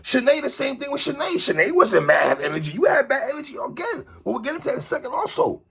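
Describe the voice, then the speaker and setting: A man delivering an animated opinion commentary monologue, calling out a TV host and repeatedly tacking on "sister, respectfully.". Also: extremely high pitch, fast, creaky. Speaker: commentary vlogger.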